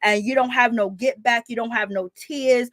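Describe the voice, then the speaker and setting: A woman giving sassy, animated commentary on a reality show, often calling out "girl" and laughing as she talks. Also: a little high, moderate pace, no room sound. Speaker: commentary vlogger.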